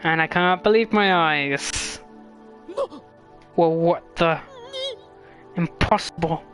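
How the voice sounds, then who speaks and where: While streaming a story game, a man reads its lines aloud in a fairly high voice, stumbling over words and starting again. He slips quick jokes in between the dialogue as quiet game music plays underneath.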